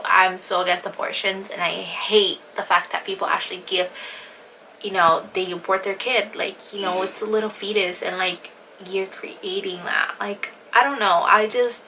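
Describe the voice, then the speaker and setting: A woman's voice: medium pitch, fairly even intonation, normal speed, pushed and bright, a little hiss or hum, low-quality recording. A young woman vlogger telling a personal story in a rambling, casual way, full of fillers and swearing.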